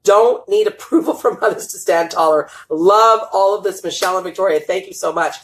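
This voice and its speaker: A woman's voice: medium pitch, fairly quick, rough recording. An enthusiastic woman hosts a live-streamed interview, affirming her guest and greeting viewers with eager energy. Her voice sits in a plain middle range. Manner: enthusiastic, affirming, laughs often. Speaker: host.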